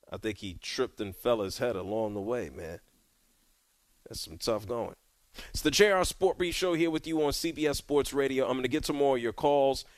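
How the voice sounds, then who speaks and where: A man hosting a call-in sports radio show, talking in an animated, conversational way with drawn-out emphasis. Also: medium pitch, no echo. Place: radio studio.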